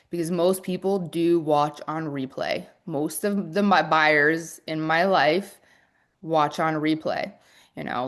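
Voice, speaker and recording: Fast-talking woman coach, slightly low voice. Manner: restarts and fillers. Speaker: business coach. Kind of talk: live-stream teaching talk.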